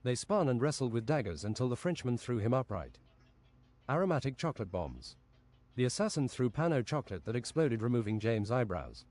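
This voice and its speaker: A man reading an absurd fantasy story aloud on a stream in a deadpan, matter-of-fact way. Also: medium pitch, fairly quick.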